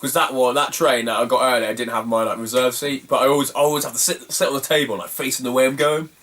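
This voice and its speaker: A man's voice: medium pitch, fairly even intonation, fast talker, fairly bright tone, recorded from a distance. A man, telling a rambling, self-mocking travel story in a casual video. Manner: rambling, self-mocking, laughs at his own stories. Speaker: retro game collector vlogger.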